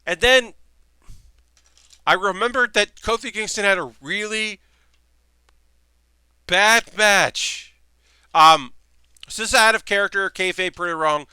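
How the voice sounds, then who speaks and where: A man's voice: high voice, takes it slowly, pauses often, sharp tone, clear, resonant tone, no echo. A man hosting a live building stream, chatting casually and rambling with lots of fillers and restarts.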